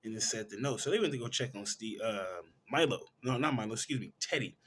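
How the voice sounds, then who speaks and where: A man reviewing a film, retelling the plot in a casual, animated way and correcting himself as he goes. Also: fairly low pitch, fast, slight background noise. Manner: animated storytelling, correcting himself mid-sentence. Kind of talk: casual movie plot recap.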